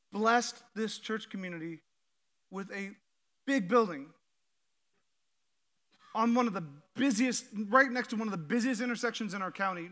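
A man preaching a sermon as pastor, animated and full of "like", leading the congregation in spoken declarations. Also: sits high. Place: church auditorium.

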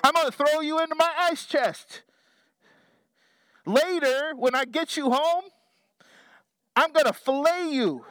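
A man voicing a gleeful fisherman who shouts mock-menacing threats down at the fish, loud and taunting. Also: very high-pitched, measured pace, pauses often, dry recording, voice pushed up.

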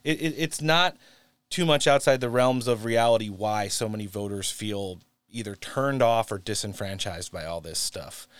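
A political podcast host with a fairly low, slightly bright, smooth voice chats casually, recorded with no echo. He gives a brisk sign-off and reads the sponsor spots.

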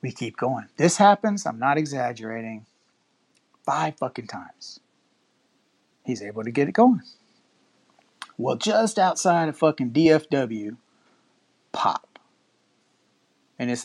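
A man in his thirties from Texas tells a long road-trip story in casual, profanity-laden chat. His delivery is loose and rambling, with sudden jumps into quoted voices, and his pitch sits in an ordinary middle range. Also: animated, a little slow, pauses often, darkish tone.

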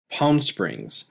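A man's voice: mid-range voice, creaky, husky. A man co-hosting a podcast, chatting casually and enthusiastically about a movie, rambling and laughing often. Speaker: podcast co-host. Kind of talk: casual movie review chat.

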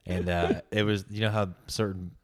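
A man's voice: low-pitched, flat delivery, normal speed. A young man co-hosting a podcast, telling loose, profane stories and laughing often in casual chat. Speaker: podcast co-host.

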